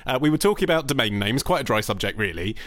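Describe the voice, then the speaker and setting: A man's voice: medium pitch, very animated, fast talker, a bit bright. A man co-hosting a comedy podcast, reading listener mail with wry jokes. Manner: wry, joking delivery. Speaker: podcast co-host.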